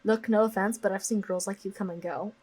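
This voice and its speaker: A woman's voice: mid-range voice, steady tone, brisk, darkish tone, close to an everyday voice. A woman reading the lines of a blunt, dismissive young man from a story game. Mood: grim. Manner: curt, scornful lines read aloud.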